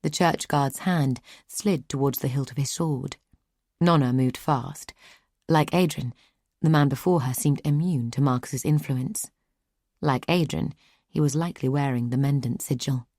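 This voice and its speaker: Low-voiced woman audiobook narrator. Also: normal speed, mellow, no room sound, clean studio sound. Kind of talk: scripted narration.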